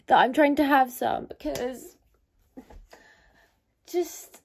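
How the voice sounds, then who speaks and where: A woman's voice: high-pitched, takes it slowly, long pauses. A young woman in her bedroom, chatting to her phone camera in a rambling, bubbly way. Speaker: vlogger. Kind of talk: casual chat to camera. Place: bedroom at home. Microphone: phone on a ring light.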